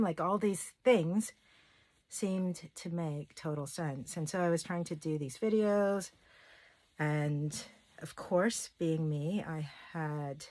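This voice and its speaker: A woman's voice: deep voice, darkish tone, no echo. A woman talking to camera in a candid, rambling personal vlog, sharing stories with open emotion. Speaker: self-love coach and channel host. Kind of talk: casual personal vlog monologue.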